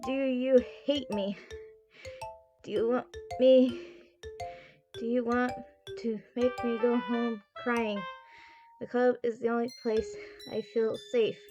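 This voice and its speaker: A woman's voice: on the high side, flat delivery, slow pace, long pauses, highs cut off, over music. A woman reading as a prickly teen girl. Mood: pleading. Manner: curt and sulky, turning pleading. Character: prickly, defensive teenage girl club member. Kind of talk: reading game dialogue aloud.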